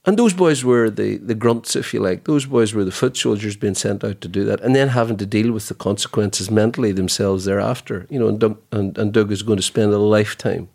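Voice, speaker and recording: Man, podcast co-host, low pitch, gravelly voice, emphatic, sardonic. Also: a little fast, few pauses, a little mellow. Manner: emphatic, sardonic, repeats points for stress. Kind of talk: casual podcast debate.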